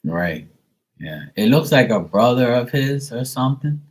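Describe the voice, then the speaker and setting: A man's voice: mid-range voice, big pitch swings, measured pace, low-quality recording. A man giving a live psychic reading in a casual, rambling way, full of fillers and the odd swear word. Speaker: psychic reader.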